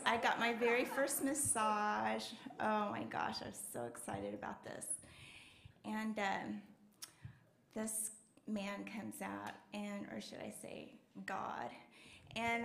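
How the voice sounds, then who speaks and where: A woman's voice: mid-range voice, gravelly, fairly bright tone. A young woman doing a stand-up set, telling her story in a chatty way with lots of fillers. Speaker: stand-up comedian. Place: comedy club stage. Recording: roomy club with faint noise.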